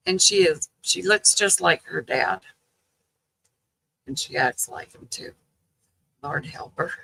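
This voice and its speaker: An older grandmother chatting live with her viewers in an unhurried, rambling way. Her voice is gravelly and bright, and she takes her time getting through each story. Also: deep voice, no room sound, rough recording. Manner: slow, chatty storytelling with frequent "you know" and laughter. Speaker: livestream host chatting with viewers. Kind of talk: casual live chat.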